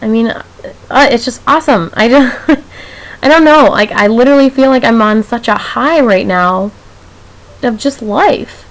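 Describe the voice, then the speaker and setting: A woman's voice: fairly high pitch, a little slow, rough recording. A young woman talking to camera in a casual vlog, rambling and emotional, laughing often as she talks. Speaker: vlogger.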